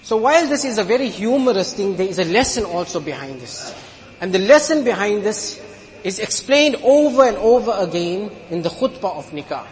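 Emphatic male preacher, high voice, long hall reverb, mixes humor into his sermon. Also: sing-song, fairly quick.

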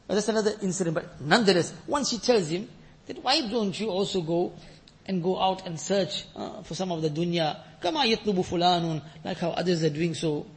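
High-voiced fervent male preacher. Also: fairly quick. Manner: swings from loud fervent peaks to quiet storytelling; mixes Arabic quotations into English. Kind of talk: sermon.

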